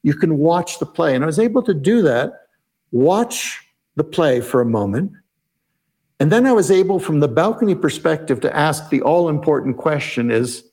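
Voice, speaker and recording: A man with a slightly raised pitch recounts an episode for an interviewer. His delivery is measured and explanatory, and he often poses his own inner questions out loud as he narrates. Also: expressive. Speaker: podcast guest, negotiation expert. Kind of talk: reflective storytelling in an interview.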